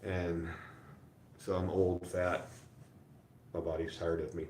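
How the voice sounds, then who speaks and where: Tired, rambling low-voiced man. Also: little pitch movement, takes it slowly, darkish tone, reverberant, a little hiss or hum. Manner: meandering, self-deprecating, lots of fillers. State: tired and sore. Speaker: livestream host. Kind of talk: casual rambling live chat. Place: hotel room.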